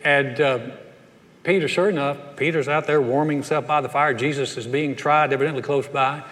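A man's voice: fairly high pitch, steady tone, fairly quick, a bit bright. A man from North Carolina preaching a sermon, telling stories in a folksy way and acting out the voices of the people in them. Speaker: pastor. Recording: long reverb of a large hall.

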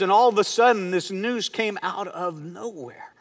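A middle-aged male pastor preaching a sermon, earnest, dropping to hushed tones and rising to emphatic bursts. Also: high voice, moderate pace. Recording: long hall reverb.

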